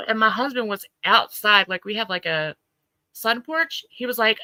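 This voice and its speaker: A woman's voice: medium pitch, lively intonation, normal speed, sharp tone, no room sound, poor audio. A woman hosting a casual livestream, greeting viewers by name and laughing through her stories. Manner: chatty, laughs at own stories. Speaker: livestream host.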